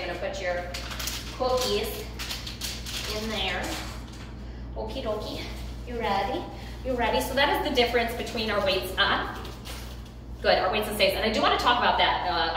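Woman trainer, fairly high voice, explains and praises a dog; heavy room echo. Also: fairly bright tone, slight background noise. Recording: very echoey room.

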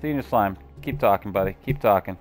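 A man's voice: lowish voice, a little fast, faint music behind. A man streaming gameplay live, chatting to his viewers and cracking puns as he plays. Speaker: gaming streamer.

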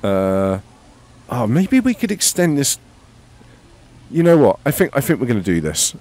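A man's voice: mid-range voice, very animated, a little slow, darkish tone. A man hosting a casual let's-play, rambling, joking and swearing freely as he plays. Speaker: gaming channel host.

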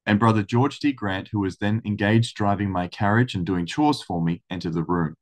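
Guy with a lowish voice reading a long story out loud, steady, close mic. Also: moderate pace. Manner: steady storytelling then casual commentary. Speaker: religious study channel host. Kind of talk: reading a historical account aloud.

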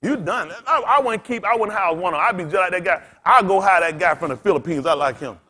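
High, lively-voiced preacher man. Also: fast talker. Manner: animated, laughing, swings between loud outbursts and soft asides; blunt, street-talking, cussing. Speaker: pastor. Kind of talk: storytelling sermon.

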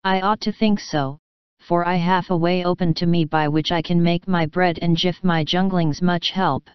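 A woman voicing a kindly older German professor who speaks in halting, formal, earnest phrases. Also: on the low side, steady tone, clear, resonant tone, no echo, lo-fi sound, lightly acted.

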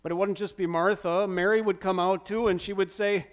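Male pastor, slightly high voice, dramatic sermon delivery with hushed and loud turns. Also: steady tone, brisk, hardly any pauses. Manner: dramatic, acts out quoted lines. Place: church.

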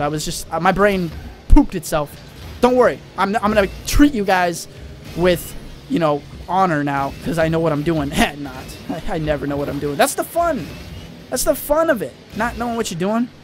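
A young man with a high, bright voice runs an excitable let's-play commentary, rambling through jokes and shouting at his teammates. Soft music plays underneath him. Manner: hyper, rambling, yells at teammates. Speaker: gaming channel host.

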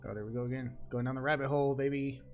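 A man's voice: mid-range voice, steady tone, very fast, a little mellow, soft background music. A young man giving loose, joking playthrough commentary, swearing and laughing as he plays. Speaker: gaming video creator. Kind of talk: casual game playthrough commentary.

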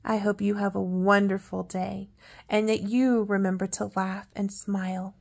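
An older woman reading a picture book aloud at bedtime, with soft, coaxing asides to a child. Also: medium pitch, level tone, unhurried, vocal fry. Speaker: storyteller.

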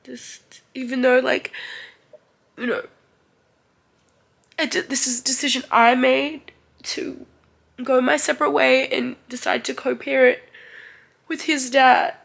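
A young woman speaks openly in a personal vlog, tearful and emotional as she talks. Her slightly high voice carries a gravelly edge. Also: flat delivery, unhurried, pauses often, a bit bright. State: crying. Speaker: vlogger.

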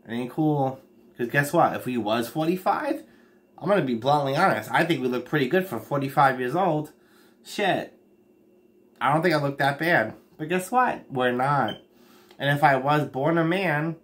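A man talking bluntly on a casual late-night livestream, rambling and cursing freely, with sudden jumps up in pitch and loudness. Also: normal speed.

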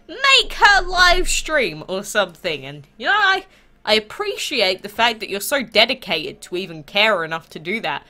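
A congested woman with a stuffy nose from a cold, hosting a mobile game channel in chatty, animated talk full of rhetorical questions. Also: mid-range voice. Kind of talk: casual gaming vlog chat.

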